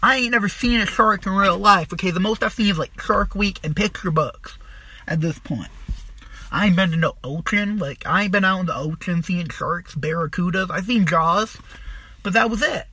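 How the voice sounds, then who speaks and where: A young man casually telling a long, profane, rambling story about his past, animated as he retells it. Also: sits high, normal speed, slightly rough, no room sound.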